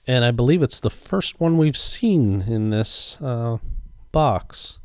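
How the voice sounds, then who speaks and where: A man narrating a pack-opening voice-over in a slow, deliberate commentary. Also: mid-range voice, lively intonation, darkish tone, clean tone, no room sound, clean studio sound. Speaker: card collecting channel host. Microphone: voice-over recorded after the footage.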